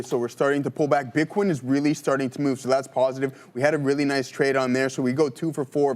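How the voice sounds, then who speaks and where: A man's voice: medium pitch, darkish tone. A man co-hosting a live trading stream, giving upbeat commentary on trades and bantering with his co-host.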